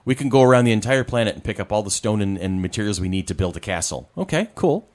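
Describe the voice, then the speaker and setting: A man with a lowish voice chatting casually about movies. He talks in a rambling, animated way, with his pitch swinging up and down as he builds his points. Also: fast. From Rochester, New York area. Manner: animated, rambling, frequent "you know". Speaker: podcast co-host. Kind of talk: casual chat about films.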